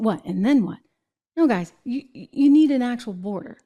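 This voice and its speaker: A woman from New Hampshire delivers a political commentary monologue, indignant and animated. She keeps firing rhetorical questions at her audience. Her voice sits fairly high. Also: moderate pace. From New Hampshire, USA. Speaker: commentary show host.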